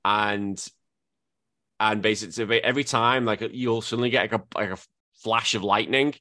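Animated podcast host, man. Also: moderate pace, dry recording, studio quality. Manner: animated, jumps into high-pitched impressions. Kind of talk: casual chat.

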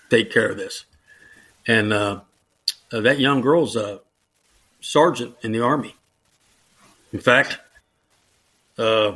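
Bright-voiced retired Army man telling stories. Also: mid-range voice, breathy edge. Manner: lively anecdotes, mimics quoted people in a raised voice; casual, chuckles while telling stories. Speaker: retired Army officer, JROTC instructor. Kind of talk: storytelling in a conversational interview.

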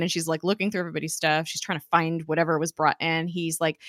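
A woman co-hosting a casual chat, retelling a TV episode in a chatty way, full of fillers and quick laughs. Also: low voice, little pitch movement, a bit bright, no room sound, clean studio sound. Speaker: podcast co-host.

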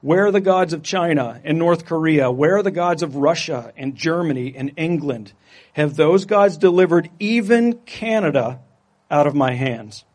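A boastful alien king makes grand, slow proclamations of threat and promise, as a preacher puts him on. The voice sits fairly high and rings out loudly, with a declaiming, storybook swagger. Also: lively intonation. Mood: taunting.

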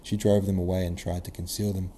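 Dark-voiced male audiobook narrator. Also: low-pitched, little pitch movement, a little fast, slight background noise.

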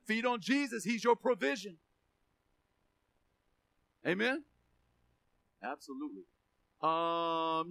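Male pastor, very high bright voice, emphatic preaching, repeats words, calls for amens. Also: dry recording. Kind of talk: sermon.

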